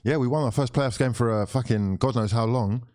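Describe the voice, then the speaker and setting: A man's voice: medium pitch, brisk, darkish tone. A man hosting a live football watchalong, reacting with sighs, swearing and mock despair while calling the play. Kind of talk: live match reaction and commentary.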